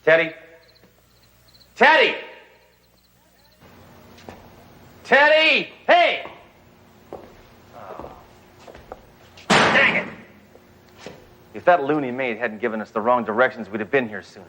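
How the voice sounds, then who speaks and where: An actor playing a brash, trigger-happy male cop who talks bluntly in deadpan with bursts of shouting, in a 1980s TV comedy. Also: mid-range voice, brisk, long pauses.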